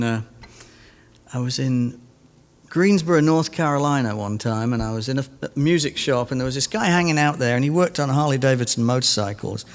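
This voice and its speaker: A middle-aged Englishman, a guitarist, fills the gap between songs at a museum concert with a rambling story that amuses him. His voice is medium-pitched, trailed by a long reverb tail.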